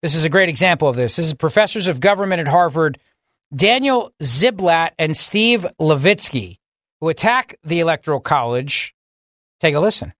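A man's voice: fairly high pitch, expressive, normal speed, a bit bright, no echo, clean studio sound. A man hosting talk radio, indignant and emphatic, repeating words for stress. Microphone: studio microphone.

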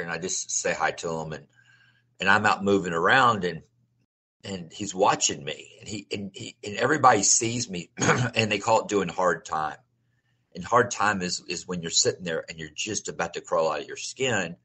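A man's voice: low-pitched, bright, forceful tone, husky. A middle-aged man telling his life story as an interview guest, speaking earnestly and often restarting and repeating his phrases. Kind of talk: personal testimony in a conversational interview.

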